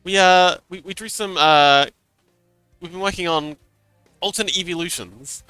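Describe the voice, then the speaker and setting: A man's voice: sits high, normal speed, pushed and bright, smooth, no room sound, faint music behind. A man chatting casually on a livestream as a game master, telling a story animatedly and laughing often.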